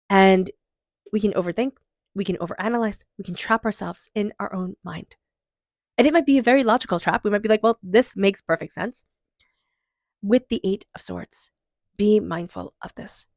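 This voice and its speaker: A woman giving an intuitive tarot reading and leading a guided meditation, speaking softly and gently, at times dropping into a whisper. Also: mid-range voice, no echo, clean studio sound. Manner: soft, gentle, drifts into whispers. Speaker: tarot reader.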